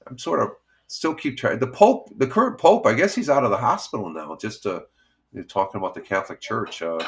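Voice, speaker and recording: A man's voice: fairly low pitch, vocal fry, a bit bright. A middle-aged man with a cold, hosting a casual morning live stream from home, rambling with lots of fillers and small laughs. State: has a cold. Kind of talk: casual chat reading viewer comments. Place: home, by a window.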